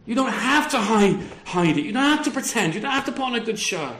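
In a roomy, echoing church service, a man delivers a sermon in a high, fairly bright voice at a quick, expressive clip. This pastor asks his congregation rhetorical tag questions and pokes dry fun at himself.

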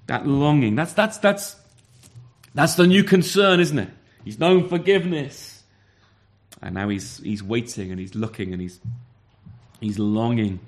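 A man's voice: fairly high pitch, measured pace. Earnest man preaching a sermon. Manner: earnest, repeats words, asks rhetorical questions.

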